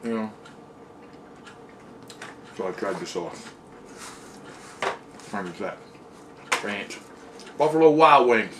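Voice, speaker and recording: Sampling hot wings at home, this food reviewer talks slowly and expressively in a fairly low voice, leaving long pauses. He has a Pennsylvania accent and an easygoing, plain-spoken way of chatting between bites, while the distant mic picks up noticeable noise.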